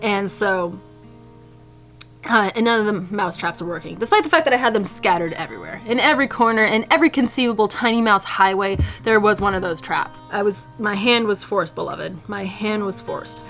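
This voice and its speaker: A woman vlogger telling a comic story to camera in an animated, theatrical, playfully indignant way. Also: medium pitch, brisk, faint music behind.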